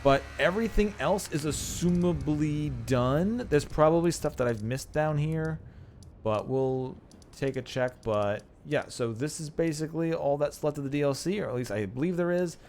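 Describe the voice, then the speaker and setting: A man's voice: on the high side, moderate pace, a little mellow, a little hiss or hum. Man, game streamer, casual rambling chat, profane rants, laughs often.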